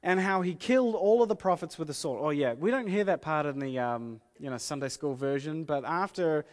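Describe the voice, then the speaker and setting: A man preaching a casual sermon, retelling a story in a conversational, animated way and acting out the quoted lines. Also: a little high, a little fast. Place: church hall with screen. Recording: reverberant hall.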